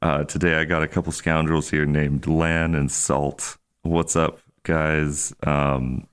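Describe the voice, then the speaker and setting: A man's voice: very deep voice, level tone, slow pace, clear, resonant tone. A man hosting a podcast in casual chat, joking and hesitant, with many fillers and restarts. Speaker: podcast host.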